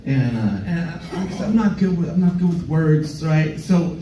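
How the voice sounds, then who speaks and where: A young stand-up comic with a high-pitched voice works a comedy club stage, animated but a little slow, mocking himself playfully and dropping into goofy voices. The distant, echoey live-room mic captures roomy club sound with faint ambience and background noise.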